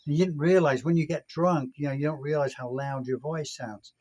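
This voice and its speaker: A man's voice: a little high, fairly even intonation, a little fast, darkish tone, no echo. A man in his sixties from the United Kingdom, telling a rambling story in a casual vlog rant. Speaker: vlogger.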